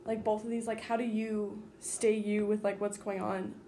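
A woman's voice: mid-range voice, flat delivery, normal speed, mellow, a little hiss or hum. A teenage girl in casual chat as a student co-host, easygoing, laughing often, full of hesitant fillers.

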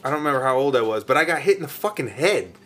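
Man, mid pitch, casual chat, swearing, anecdotal. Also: very animated, racing, fairly bright tone.

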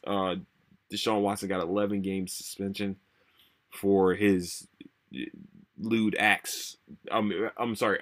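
A man's voice: lowish voice, a bit bright. Tired, profane young man ranting. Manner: profane, rambling, repeats himself. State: tired, low energy. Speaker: podcast host. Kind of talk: casual solo podcast rant.

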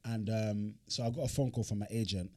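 A man's voice: on the low side, fairly even intonation, a little fast, mellow, dry recording, clean studio sound. A man, co-hosting a podcast, telling a story in casual, slangy chat, with bursts of laughter. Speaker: podcast co-host.

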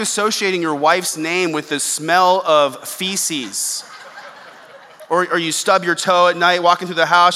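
Young adult male pastor, chatty sermon delivery, bright and slightly high voice, long reverberant room. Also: a little slow. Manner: conversational, animated, acts out quoted exclamations.

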